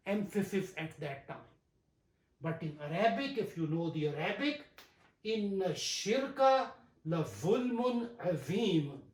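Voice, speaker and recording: A teacher giving a grammar lesson, talking deliberately, repeating key terms and reciting verses slowly. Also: medium pitch, a little mellow. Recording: roomy echo.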